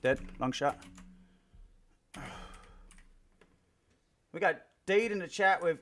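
A man's voice: fairly high pitch, expressive, takes it slowly, long pauses, fairly bright tone. A man streaming a shooter game, swearing, trash-talking and joking with his squad while he plays. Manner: laughs often. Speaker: gaming streamer. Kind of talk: live gameplay commentary.

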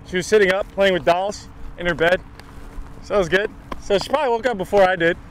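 A man's voice: high voice, fast talker, slight background noise, rough recording. A man who plays baseball, joking and chatting on a clip-on mic at outdoor training. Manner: joking, chatty, laughs often. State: out of breath. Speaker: baseball pitcher. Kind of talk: casual chat while training.

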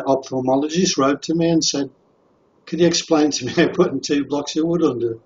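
A man speaking as a radio show guest, telling stories in a relaxed way with many restarts. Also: mid-range voice. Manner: relaxed storytelling with frequent restarts. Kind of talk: radio interview talk. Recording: dull lo-fi call audio with faint noise.

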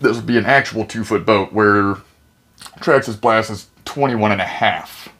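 A man hosting a casual unboxing review, excitable, jokey and rambling. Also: on the low side, normal speed. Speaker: channel host, reviewer.

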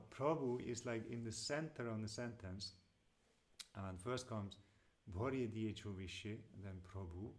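A man teaching devotional singing, explaining slowly and gently with many pauses and fillers, and stopping now and then to sing a line. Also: fairly low pitch. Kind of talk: lecture with sung examples.

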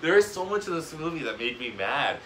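A man's voice: on the high side, very animated, brisk, pushed and bright, a little hiss or hum. A man ranting in a casual chat as a podcast guest, swearing and laughing often.

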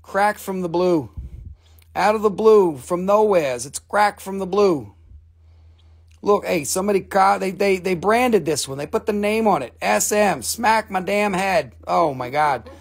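A man's voice: high voice, expressive, unhurried, vocal fry. A man hosting a casual live sale of stones, joking, rambling and swearing as he talks. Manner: joking, profane, rambling salesman. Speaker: live stream mineral seller. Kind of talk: casual live sales chat.

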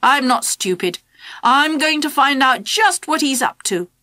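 A woman voicing a baffled, exasperated father, whose voice goes squeaky when upset. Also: animated, measured pace, sharp tone, no room sound, clean studio sound, exaggerated voice. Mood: suspicious. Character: flustered, baffled dad, a middle-aged man.

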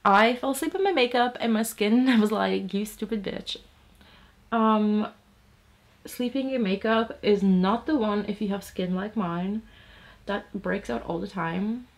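A woman's voice: medium pitch, unhurried. A young woman from Latvia chatting casually while doing her makeup, swearing freely and saying "like" a lot. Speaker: beauty vlogger.

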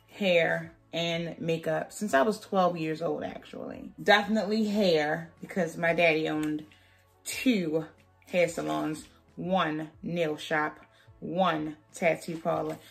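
A woman's voice: low voice, steady tone, slow, creaky, faint music behind. A woman beauty vlogger chatting through a wig tutorial, sassy and playful, joking with her viewers as she works.

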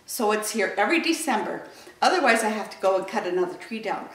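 Animated woman reading to children, roomy sound. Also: medium pitch, fast. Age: adult. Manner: animated, sing-song storyteller. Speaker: story time reader. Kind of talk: reading picture books aloud to children. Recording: roomy echo, voice from a distance.

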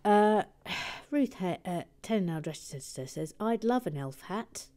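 With an animated, mid-range voice at a slightly slow pace, a woman hosts a livestream, building and reading viewers' messages out loud as she chats casually. She's chatty and self-deprecating, restarts a lot, and frequently whispers soft asides.

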